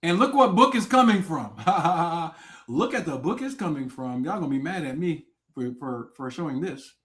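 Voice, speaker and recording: A man with a high voice rants on his livestream through a desk mic, expressive and at a moderate pace. Loud, profane and taunting, he shifts from shouting to low muttering while daring viewers to come on and argue with him.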